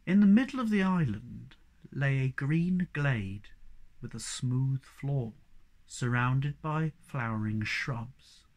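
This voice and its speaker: Man reading a storybook, animated. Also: medium pitch, slow pace. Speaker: narrator.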